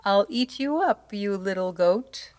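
A woman's voice: mid-range voice, expressive, measured pace, darkish tone, pitched above the performer's own voice, close to an everyday voice. A woman voicing a greedy, boastful male troll who lives under a bridge, with a gleeful, rhyming way of talking.

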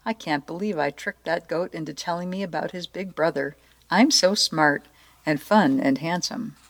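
A woman's voice: low-pitched, moderate pace. A woman voicing a boastful, greedy, silly male troll in a storybook reading, with gleeful, theatrical boasting. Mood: smug. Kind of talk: storybook read-aloud.

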